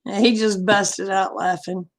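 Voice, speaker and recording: A little slow and flat, with a mid-range voice, this woman hosts a relaxed livestream. Greeting viewers by name, she tells them open, personal stories and laughs a lot.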